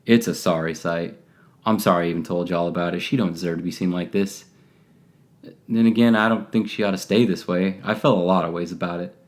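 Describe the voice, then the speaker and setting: A man's voice: low-pitched, steady tone, brisk, close to an everyday voice. A man voicing a nervous, guilt-ridden working man who talks in an anxious, plain-spoken way, in an audio drama. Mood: remorseful.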